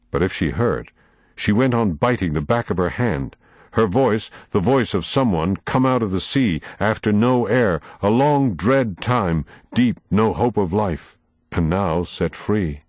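A man narrating an audiobook in a dramatic, measured storytelling manner, close to the mic. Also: low-pitched, animated, no echo.

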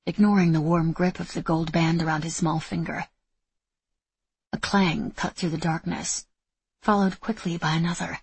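A woman narrating a novel in a steady, even reading style. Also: low voice, creaky, slightly rough, no echo. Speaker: audiobook narrator. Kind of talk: scripted narration.

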